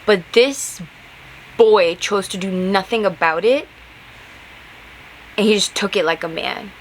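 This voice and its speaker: A young woman hosts her own show and tells a story in a loose, rambling way. She sounds exasperated and heated, fires off rhetorical questions and fills her speech with "like" and "okay". Her voice sits at a middle pitch, with faint noise behind it. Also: a little slow, poor audio. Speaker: podcast host. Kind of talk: casual storytelling monologue.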